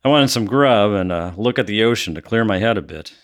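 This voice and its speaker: A man playing a cold, low-voiced killer son. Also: a little fast, natural voice. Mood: guarded. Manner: flat, cold storytelling with bursts of anger. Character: brooding adult son confessing grisly killings. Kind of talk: audio drama acting.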